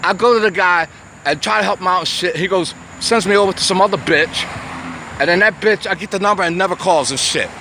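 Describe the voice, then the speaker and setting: A man's voice: sits high, a little fast, sharp tone. A man, ranting profanely to the camera in a rambling way, stumbling over repeated words. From United States. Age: 60s. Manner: profane, rambling, repetitive stammering restarts. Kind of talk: agitated rant to camera. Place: outdoors on a city street. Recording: faint street and traffic noise. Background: traffic noise.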